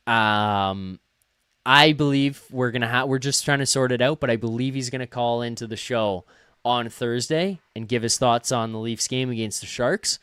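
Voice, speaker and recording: A man's voice: medium pitch, fairly bright tone, smooth, no echo, clean studio sound. A young man hosting a live hockey call-in stream, talking casually and rambling with fillers and self-deprecating asides. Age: young adult. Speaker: host of a hockey postgame call-in show.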